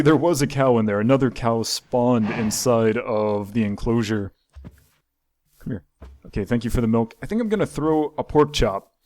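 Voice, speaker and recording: A man's voice: mid-range voice, a little mellow, no echo. A young man hosting a gaming channel, chatting casually over his gameplay, talking to his animals and often restarting his sentences. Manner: chatty, talks to his pets, frequent restarts.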